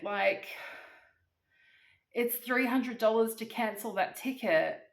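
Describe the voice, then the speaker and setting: A woman vlogger telling a story in a chatty, animated way, a bit teary and emotional. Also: mid-range voice. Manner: chatty, animated, laughs, acts out phone calls. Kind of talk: casual storytelling to camera. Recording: echoey room.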